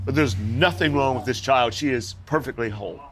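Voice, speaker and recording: An older man, a guest in an interview, telling stories in an animated way, often laughing and acting out the people in them. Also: medium pitch, brisk, a little hiss or hum. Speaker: mall Santa guest. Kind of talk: storytelling in an interview.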